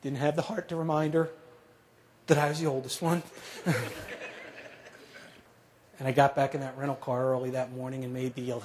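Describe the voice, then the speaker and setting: A middle-aged man telling a personal story to an audience, measured and dramatic, dropping to a hush at grave moments. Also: medium pitch, little pitch movement, a little hiss or hum. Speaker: speaker telling a survivor story. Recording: echoey hall.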